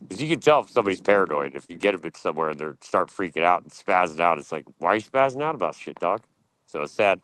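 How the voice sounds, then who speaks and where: A man's voice: low voice, sing-song, fast talker, a bit bright, no room sound, rough recording. A man streaming, ranting casually in a blunt, profane and boastful way.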